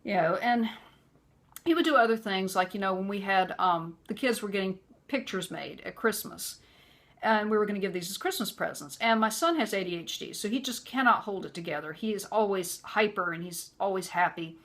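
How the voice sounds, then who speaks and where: A woman recounting her own experiences in an earnest, conversational manner. She talks at a moderate, middle pitch and keeps filling her pauses with "you know". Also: a bit bright. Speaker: vlogger. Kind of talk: personal storytelling.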